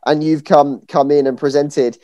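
A man's voice: a little high, steady tone, normal speed, dark tone, muffled recording. A man hosting a podcast, asking questions in friendly, chatty interview talk. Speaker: podcast host. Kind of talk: casual interview.

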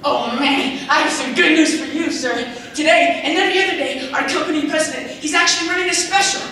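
A man's voice: extremely high pitch, fast, pushed and bright, exaggerated voice. A teenage boy playing an eager, upbeat store clerk giving sales patter in a comic stage skit. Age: teens. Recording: echoey hall from far off, crowd.

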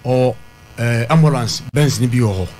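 A man's voice: mid-range voice, moderate pace, a little mellow, slight background noise. A man defending himself in a talk-show argument. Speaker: disputant. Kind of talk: heated dispute on a talk show.

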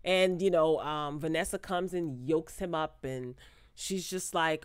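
A woman recaps a reality show into a close microphone, animated and often laughing as she acts out what people said. Her voice sits a little low for a woman. The sound is dry, with no room echo. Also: unhurried, clean tone. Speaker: TV recap vlogger.

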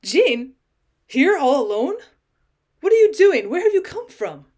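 A woman reading the part of a concerned male cousin, a calm office clerk who asks short questions. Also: high voice, a little slow.

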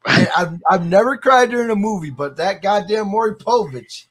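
A man's voice: sits high, expressive, moderate pace, husky. A man guest on a podcast, chatting casually and swearing often, laughing through his stories. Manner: profane, laughing storyteller. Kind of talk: casual chat.

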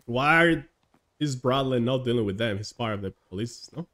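A male streamer talking his way through a game live, with a mid-pitched voice. He is casual, laughs often and swears now and then. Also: expressive, moderate pace, bright, forceful tone. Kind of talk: live gameplay commentary.

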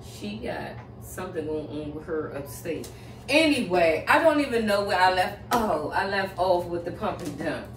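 A woman's voice: lowish voice, lively intonation, moderate pace, distant mic, a little hiss or hum. A woman giving a casual tarot reading at home, dramatic and rambling, shaken and catching her breath between exclamations. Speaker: tarot reader. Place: home room. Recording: roomy, off-mic with faint music.

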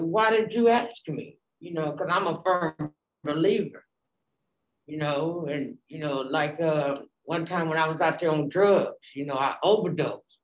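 Animated woman telling her story, echoey room. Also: low voice. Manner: animated storytelling, acting out dialogue, many fillers. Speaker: Bible study participant. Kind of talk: personal testimony in a group discussion.

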